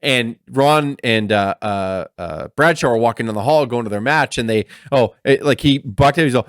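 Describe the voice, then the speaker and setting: A man's voice: mid-range voice, normal speed, few pauses, no echo, studio quality. A man co-hosting a casual wrestling podcast, telling stories with animation and acting out the people he quotes. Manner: animated storyteller who acts out quoted people. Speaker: podcast co-host. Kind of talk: casual chat.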